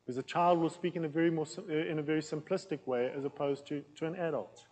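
A man preaching a teaching sermon in a plain, loud, conversational way, with an accent that he says can sound aggressive. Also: fairly high pitch, steady tone, quick pace, big-room sound, rough recording. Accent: non-local accent in England. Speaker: pastor teaching a series.

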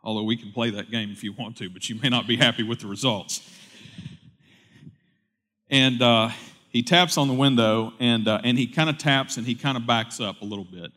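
A man pastor delivering a sermon, moving from loud, urgent preaching to quiet, conversational storytelling. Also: mid-range voice, normal speed. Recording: long hall reverb.

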